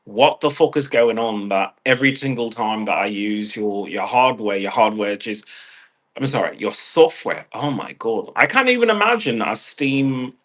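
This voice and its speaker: A man's voice: lowish voice, expressive, moderate pace, a bit bright. A man with a stuffed-up nose, rambling and ranting in a casual vlog, swearing freely and restarting his phrases. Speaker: vlogger.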